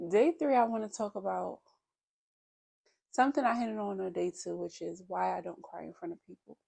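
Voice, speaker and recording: A woman's voice: medium pitch, fairly even intonation, moderate pace, vocal fry, pauses often, warm tone, husky. A woman in her thirties, talking openly and reflectively about her feelings in a personal vlog. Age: 30s. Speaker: vlogger. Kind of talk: candid personal vlog talk.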